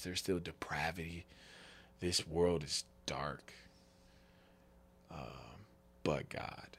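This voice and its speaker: A man in his thirties giving an earnest, halting faith testimony as a podcast guest, tearful. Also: very deep voice, bright, forceful tone, slightly rough. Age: 30s. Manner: halting, restarts often, earnest and tender.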